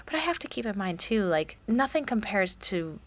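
A woman's voice: mid-range voice, big pitch swings, normal speed. A woman in her thirties in casual chat, telling stories about her toddler and acting out quotes. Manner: chatty, acts out quotes of her child. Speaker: podcast co-host, mother of a toddler.

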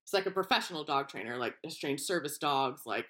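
A woman co-hosting a podcast in casual chat, telling animated stories and acting out quoted voices. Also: low-pitched, brisk. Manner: animated storyteller, acts out quoted voices, laughs often. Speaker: podcast co-host.

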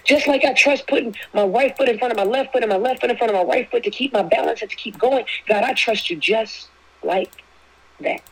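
A woman's voice: fairly high pitch, brisk, breathy edge, poor audio. Emphatic woman preaching on faith. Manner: emphatic, repeats key phrases, speaks prayers aloud. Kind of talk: preaching-style faith talk.

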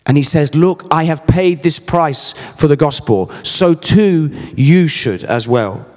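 A man's voice: fairly high pitch, lively intonation, slow pace, darkish tone. Man preaching in a reverberant hall. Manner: earnest, emphatic, personal storytelling. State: briefly emotional. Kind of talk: sermon.

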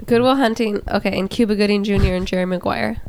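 A woman's voice: mid-range voice, steady tone, quick pace, a little mellow, a little hiss or hum. A woman running a casual party game, reading out options and teasing the others. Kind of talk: casual group chat.

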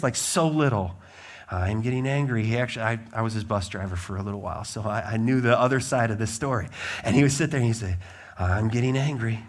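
Man, middle-aged, pastor, sermon, emphatic, mid-range voice. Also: mid-range voice. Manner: emphatic, swings from loud declarations to quiet asides.

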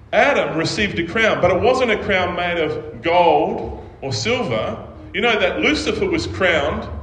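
A man's voice: a little high, a bit bright, a little hiss or hum. Man, pastor, casual sermon, echoey church hall, faint background ambience. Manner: conversational preaching with frequent "right?" check-ins.

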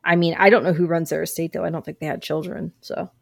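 A woman's voice: low-pitched, little pitch movement, fast, gravelly, no echo. A woman co-hosting a podcast, chatting casually in a hesitant way, with lots of fillers and sentences that trail off. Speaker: podcast co-host. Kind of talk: casual chat.

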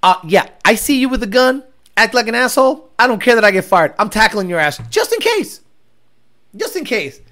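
A man's voice: extremely high pitch, big pitch swings, brisk, pushed and bright, exaggerated voice. A man voicing a fed-up male police officer who talks in a blunt, exasperated, profane way.

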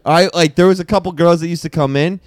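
A man's voice: fairly high pitch, fairly even intonation, fast talker, dry recording, clean studio sound. A man co-hosting a podcast, rambling through anecdotes with many fillers. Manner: rambling, filler-heavy storytelling. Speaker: podcast co-host. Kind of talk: casual comedic chat.

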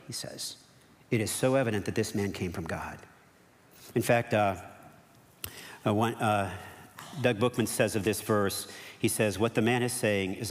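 Man preaching in a reverberant hall. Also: on the low side. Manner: animated preaching with quoted voices and sudden hushed asides. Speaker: pastor. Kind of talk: sermon. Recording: long reverb of a church hall.

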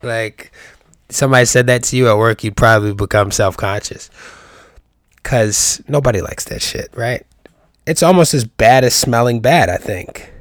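Here a young podcast host from New York riffs alone at a moderate pace, his mid-range voice captured in clean studio sound without any room noise. It's a casual solo monologue, rambling, profane and jokey, full of rhetorical questions.

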